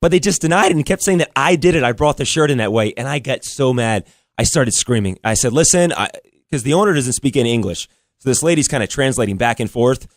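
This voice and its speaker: A man co-hosting a talk show, telling an animated and frustrated story in a casual way. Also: mid-range voice, fast talker, no echo, studio quality. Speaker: radio show co-host.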